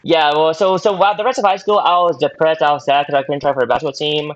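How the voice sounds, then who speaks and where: A man's voice: fairly high pitch, steady tone, fast talker. Young male podcast guest, casual rambling storyteller, repeats himself, lo-fi recording. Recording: dull lo-fi audio.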